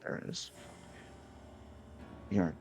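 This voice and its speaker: A man's voice: extremely slow, darkish tone, a little hiss or hum. A man playing a tabletop game, talking hesitantly and laughing a lot. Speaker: player.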